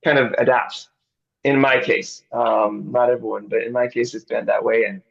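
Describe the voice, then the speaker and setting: A man's voice: mid-range voice, fairly even intonation, moderate pace, vocal fry, breathy edge, muffled recording. A middle-aged man, a missionary director, chatting easygoingly in an interview over a video call. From grew up abroad as a missionary kid. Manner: easygoing, chuckles often.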